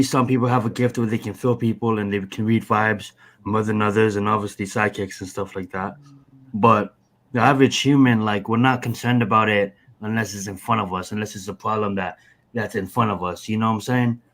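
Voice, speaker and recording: A man's voice: lowish voice, steady tone, a little fast, a bit bright. A man in casual podcast chat, rambling through long answers with many fillers and restarts. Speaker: podcast guest.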